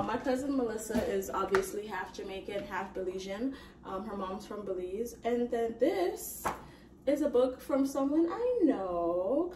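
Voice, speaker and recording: A woman hosting an unboxing video, chatting casually and excitedly to her viewers and calling them y'all. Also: a little high, noisy background. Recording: roomy echo, mic at a distance.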